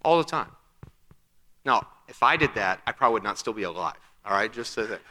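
Bright-voiced male pastor preaching in a reverberant hall. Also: on the low side, lively intonation, fairly quick. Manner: conversational preaching with rhetorical questions and acted-out quotes. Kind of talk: sermon.

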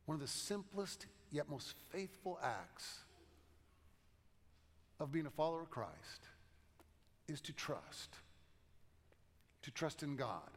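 A man preaching a sermon as pastor, in a conversational way with gentle humor, in a church sanctuary. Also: a little high, very animated, slow pace, long pauses. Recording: long reverb of a large church.

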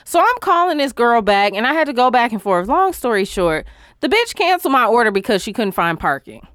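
A woman hosting a casual talk show, telling a story in an animated, exasperated, profane way. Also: a little high, brisk, dry recording, studio quality.

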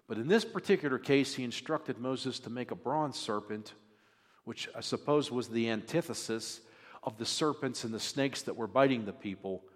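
A man's voice: medium pitch, moderate pace, in a large hall. A male pastor giving a sermon in a conversational, joking manner. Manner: conversational, jokes with the congregation.

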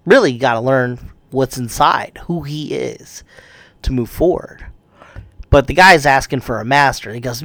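A man's voice: mid-range voice, normal speed, fairly bright tone, no echo. A man casually retelling a kung fu movie plot, rambling and swearing, acting out the characters' lines. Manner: rambling, profane, acts out quotes.

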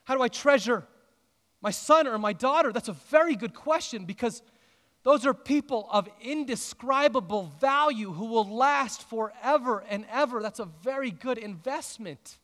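A man preaches earnestly from the pulpit, lifting phrases for emphasis and slowing into long pauses. His voice sits high for a man. A long reverb trails his words through the church. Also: lively intonation, a bit bright. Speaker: pastor. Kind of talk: sermon.

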